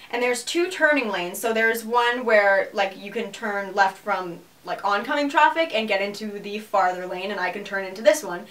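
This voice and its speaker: A young woman co-hosting a podcast, telling a story in casual chat, animated and swearing freely. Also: mid-range voice, far from the mic. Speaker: podcast co-host.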